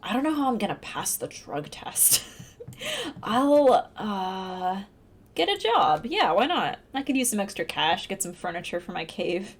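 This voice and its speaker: A young woman live-streaming a dating sim, commenting casually, reading lines aloud and breaking into high laughter. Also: sing-song, a little slow, husky. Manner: giggly, bursts into high laughter. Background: faint game music.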